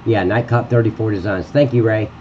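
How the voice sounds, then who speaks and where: A man's voice: on the low side, fairly even intonation, a little fast, highs cut off, a little hiss or hum. A man livestreaming while he edits a game map, talking bluntly and cursing freely as he chats to viewers. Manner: blunt and profane, ranting at a critic. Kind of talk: live-stream chat while editing.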